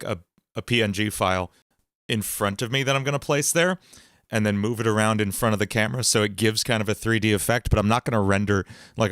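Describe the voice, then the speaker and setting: A man's voice: lowish voice, a bit bright, no echo. A man streaming casually from his home basement studio as he writes music, joking, laughing often and mocking himself. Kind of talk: casual livestream chat.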